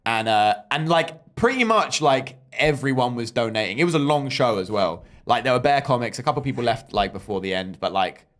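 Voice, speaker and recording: A man's voice: mid-range voice, animated, brisk, hardly any pauses, a bit bright. A man, a podcast co-host telling a rambling, swearing story in casual chat. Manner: rambling, swearing, acts out quoted dialogue.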